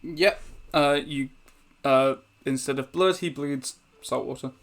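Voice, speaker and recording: A man running a tabletop game as game master, narrating slowly with many pauses and fillers. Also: mid-range voice. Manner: slow, hesitant with many fillers.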